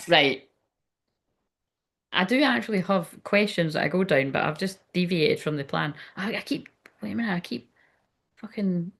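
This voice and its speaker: Sweary, blunt Scottish woman. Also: fairly low pitch. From Scotland. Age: adult, ten years online. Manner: blunt, sweary and chatty, with lots of fillers. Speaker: spiritual reader on a livestream. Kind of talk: casual live tarot reading.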